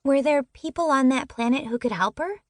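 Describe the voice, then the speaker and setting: A woman doing an eager little girl, high. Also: moderate pace, dry recording, studio quality, close to an everyday voice. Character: eager, curious little sister, young girl.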